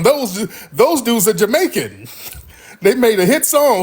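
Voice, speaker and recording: Livestream host, man, slightly high voice, rough joking delivery that breaks into laughs. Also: very animated, unhurried. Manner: loud laughing, profane banter. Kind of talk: casual live-stream banter.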